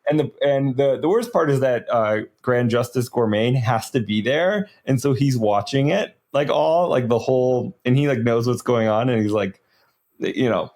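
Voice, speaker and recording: A man co-hosting a podcast, retelling a story in casual lore chat, animated and full of "like"s and fillers. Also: mid-range voice, moderate pace. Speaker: podcast co-host.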